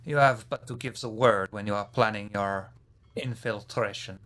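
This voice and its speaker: A courteous, scheming French vampire speaks from under his hood in a rasp, performed by a male game master. The voice is bright and pushes forward, formal and gracious with a sly edge. This is live-streamed tabletop role-play. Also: on the low side, normal speed, close to an everyday voice. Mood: courtly. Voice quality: raspy, put-on French accent. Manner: formal and gracious, ends remarks with a teasing "huh?".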